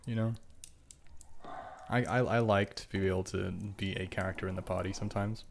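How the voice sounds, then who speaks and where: A man's voice: low-pitched, fairly even intonation, a little fast, pauses often, slight background noise. A man running a tabletop game, chatting casually on a podcast, joking around and repeating his words. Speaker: game master.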